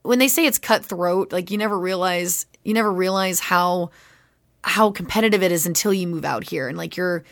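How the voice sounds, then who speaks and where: A woman voice actress chatting casually as a podcast guest, animated and full of fillers. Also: lowish voice, moderate pace, no echo, clean studio sound. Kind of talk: casual interview chat.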